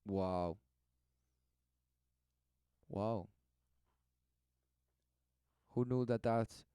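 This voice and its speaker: A man's voice: fairly low pitch, drawn-out words, long pauses, mellow, clear, resonant tone, no echo. A man giving preachy religious commentary as he reacts to a video, in an emphatic, exhorting manner.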